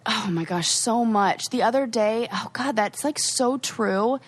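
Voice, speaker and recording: A woman co-hosting a podcast, chatting casually and acting out what friends said in lively voices. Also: fairly high pitch, a little slow. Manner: animated, quotes people in lively put-on voices. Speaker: podcast co-host. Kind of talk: casual chat.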